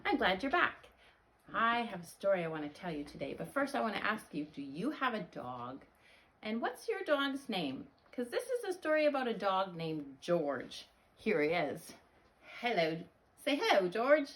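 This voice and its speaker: A woman reading a picture book aloud to children, animated and expressive, talking straight to her young listeners. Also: mid-range voice, normal speed. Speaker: children's storyteller.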